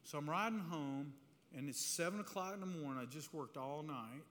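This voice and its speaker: A man preaching a testimony to a live audience in a church hall, telling his story in an animated, conversational way that keeps checking in with "right?". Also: a little high, moderate pace. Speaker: speaker giving a testimony. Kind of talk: sermon-style testimony storytelling. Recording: reverberant hall, faint room noise.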